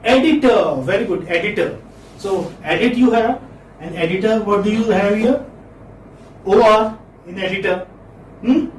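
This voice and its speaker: A man's voice: high voice, moderate pace, long pauses. A man teaching English phonetics in a classroom lecture, saying words again and again and quizzing his students. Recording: echoey classroom, distant mic, faint noise.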